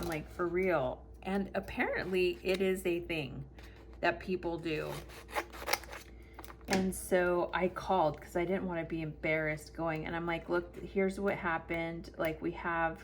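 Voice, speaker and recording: A woman's voice: fairly low pitch, slight background noise. Chatty woman telling a home story. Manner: animated, acts out quotes with laughter. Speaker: planner vlogger. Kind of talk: chatty storytelling while decorating a planner.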